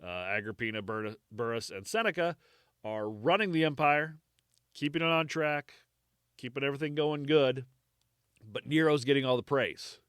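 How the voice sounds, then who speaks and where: A man co-hosting a casual history podcast, telling the story in a joking, animated way. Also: mid-range voice, moderate pace, clear, resonant tone, no room sound, studio quality. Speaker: podcast co-host.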